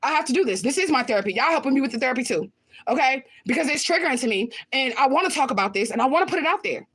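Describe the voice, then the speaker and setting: High-voiced woman, blunt and profane. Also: expressive, very fast, a bit bright, slightly rough. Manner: emphatic, with repeated phrases. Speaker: livestreamer answering viewer comments. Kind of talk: casual livestream talk.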